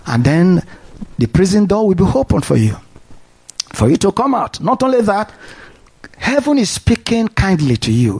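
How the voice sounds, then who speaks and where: Male preacher, high voice, animated sermon with call-and-response. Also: moderate pace, pauses often, slightly rough.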